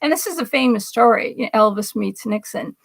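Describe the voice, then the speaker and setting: Middle-aged woman, livestream host, casual commentary, reads comments, laughs a lot, high-pitched. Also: animated, a little fast, creaky. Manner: chatty, reads viewer comments aloud, laughs often.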